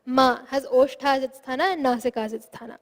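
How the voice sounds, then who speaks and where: A woman with a high, light voice gives a patient lesson. She explains each point step by step and sounds out syllables to show how they are made. Her voice rings with a long reverb, as if the room is large and hard-walled. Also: fast talker. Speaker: Sanskrit pronunciation teacher. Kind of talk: online lesson.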